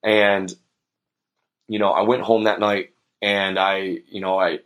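Earnest young man with a lowish voice. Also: little pitch movement, slow pace, dull audio. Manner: earnest and reflective, with many fillers. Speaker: podcast host. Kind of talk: personal storytelling monologue.

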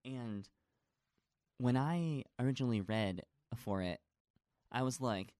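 A man's voice: medium pitch, animated, takes it slowly, darkish tone, no room sound, studio quality. A man in a casual chat, a stage actor talking at length, gushing and rambling with lots of fillers.

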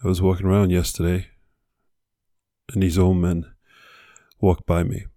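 A man's voice: low-pitched, level tone, moderate pace, dark tone, dry recording, studio quality. A man hosting a podcast, delivering an earnest motivational monologue with repeated exhortations. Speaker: podcast host.

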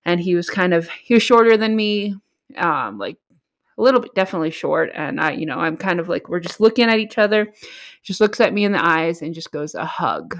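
A woman's voice: on the low side, fairly quick. A woman guest who works supporting at-risk youth, telling a moving story in a heartfelt way with many fillers. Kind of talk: emotional storytelling.

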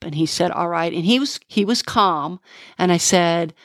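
A middle-aged woman, a homicide detective, telling the story of a case in an interview, halting and emotional, with many restarts. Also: on the low side, no echo, clean studio sound.

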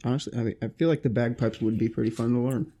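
Gravelly, husky man in laid-back chat. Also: medium pitch, steady tone, fast, warm tone. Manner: laid-back, curt replies, swearing. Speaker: podcast co-host. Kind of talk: casual chat.

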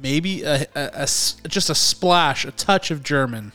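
A male podcast host with a slightly high voice chats casually about movie news. He rambles and breaks off his own sentences. Faint music sits under the talk. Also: unhurried, pushed and bright. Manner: chatty and rambling, self-interrupting, laughs easily.

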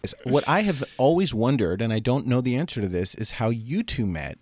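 A man's voice: medium pitch, big pitch swings, a little fast, darkish tone. A man hosting a podcast in casual chat, teasing and bawdy, into a close studio mic. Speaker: podcast host.

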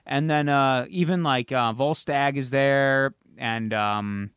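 A man co-hosting a podcast at a middling pitch, rambling through a story recap with plenty of fillers and the odd curse. The sound is dry and close, with no room echo. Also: slow pace, a bit bright, clean tone. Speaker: podcast co-host. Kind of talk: casual chat.

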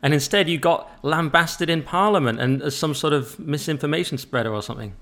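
Guy hosting a podcast, sarcastic jokey banter, voice sits kinda high. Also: a little fast, a bit bright. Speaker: podcast host. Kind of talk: casual podcast interview.

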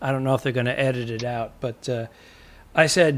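A man co-hosting a comedy podcast in casual chat, with deadpan jokes, recording at home. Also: mid-range voice, brisk. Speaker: podcast co-host. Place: home studio near a construction site.

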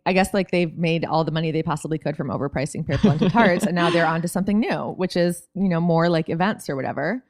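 A woman's voice: sits low, fast, few pauses, no room sound, clean studio sound. A woman co-hosting a podcast, recapping a TV episode in casual, wry chat. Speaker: podcast co-host.

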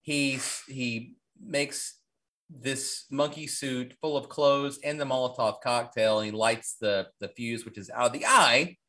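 A man co-hosting a podcast, casually recapping a horror movie in a rambling, profane, animated way. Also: medium pitch, unhurried. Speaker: podcast co-host.

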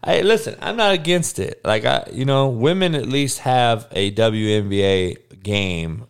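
A man's voice: mid-range voice, lively intonation, unhurried, vocal fry, clean tone. A man hosting a sports podcast, ranting bluntly and profanely while talking back to his live chat. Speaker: podcast host. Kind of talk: casual sports rant.

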